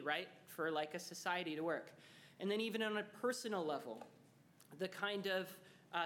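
A man's voice: high-pitched, fairly bright tone. A young adult man giving a casual motivational talk to students, chatty and full of fillers, acting out the dialogue in his stories. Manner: acts out quoted dialogue in storytelling. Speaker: speaker addressing students.

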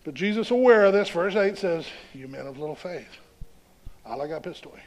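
A man delivers a sermon in a high-pitched voice with a gravelly edge. He moves between reading scripture and unpacking it in a relaxed, conversational way, often checking in with his listeners. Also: moderate pace. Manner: reads scripture aloud and explains it conversationally, often asking "right?". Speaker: pastor.

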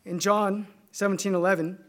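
Californian-accented male preacher, measured, emphatic, builds points by repetition. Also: sits high, flat delivery. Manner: measured and emphatic, building through repeated phrases. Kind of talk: sermon.

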